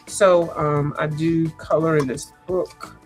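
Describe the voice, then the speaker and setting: A woman, chatting casually and rambling as she hosts a coloring livestream, sounding congested and clearing her throat. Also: sits low, steady tone, takes it slowly, darkish tone, soft background music. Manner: chatty, rambling, lots of asides and restarts. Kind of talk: casual chat.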